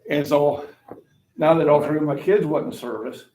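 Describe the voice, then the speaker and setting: A man in his forties hosting a relaxed, talkative gym chat, reading comments aloud. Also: fairly high pitch, moderate pace, low-quality recording. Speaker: host. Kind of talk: casual chat on a livestream.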